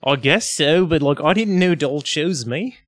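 A man's voice: fairly high pitch, expressive, a little slow, dry recording, studio quality. A man playing a tabletop role-playing game, goofy and playful in character. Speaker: player.

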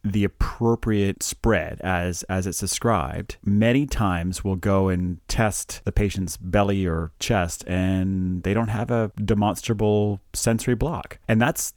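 A man's voice: on the low side, a little mellow, dry recording, studio quality. A man co-hosting a medical podcast, explaining with easygoing humour as an anesthesiologist. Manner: easygoing, laughs often, explanatory. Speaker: podcast co-host, regional anesthesiologist. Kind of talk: casual professional chat.

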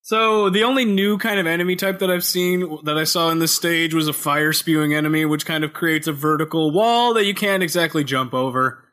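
Bright, pun-loving man on a headset. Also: fairly high pitch, fairly quick, hardly any pauses. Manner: joking, pun-loving, laughs often. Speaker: podcast co-host. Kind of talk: casual game review chat.

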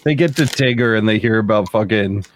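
A man's voice: fairly low pitch, fairly quick, background noise. A man hosting a casual podcast, talking in a dry, matter-of-fact way. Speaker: podcast host. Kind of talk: casual chat.

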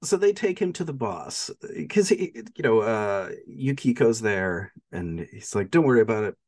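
A man's voice: lowish voice, unhurried. A man co-hosting a podcast, casually retelling a film's plot with lots of laughter and acted-out lines. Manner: animated, laughs often, acts out character lines. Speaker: podcast co-host.

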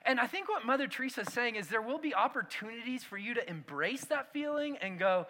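A man preaching a sermon, telling a self-mocking personal story with animated swings between loud and hushed delivery. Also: extremely high pitch, brisk, hardly any pauses. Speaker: pastor.

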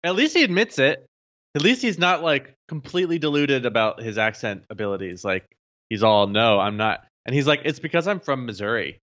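A man's voice: mid-range voice, lively intonation, fairly quick, a bit bright, highs cut off. A man co-hosting a podcast, chatting casually about a movie with joking, sarcastic asides and laughter. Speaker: podcast co-host. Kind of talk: casual movie review chat.

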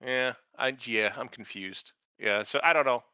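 A man co-hosting a casual podcast, chatting about a TV episode in a profane, animated way with mocking asides. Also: mid-range voice, moderate pace, smooth, no echo. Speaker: podcast co-host. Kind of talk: casual chat reviewing a TV episode. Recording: dull lo-fi dry sound.

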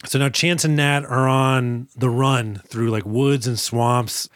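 A man's voice: medium pitch, fairly even intonation, slow, no room sound, clean studio sound. A man co-hosting a podcast, retelling movie scenes in rambling, profane casual chat. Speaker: podcast co-host.

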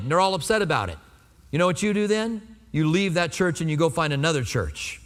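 A man's voice: on the high side, expressive, a little fast, long reverb tail. A pastor in his fifties preaching a sermon in a conversational way, asking the congregation rhetorical questions.

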